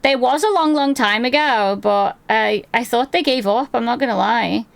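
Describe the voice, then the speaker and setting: Chatty, gravelly woman streamer. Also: fairly high pitch, moderate pace. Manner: chatty, swears often, self-deprecating, laughs easily. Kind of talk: casual chat reading chat aloud.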